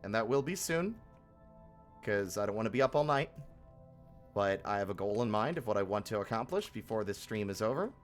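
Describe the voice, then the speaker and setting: A man's voice: lowish voice, lively intonation, brisk, soft background music. A young man live-streaming a game, talking casually and frankly, grumbling and swearing freely.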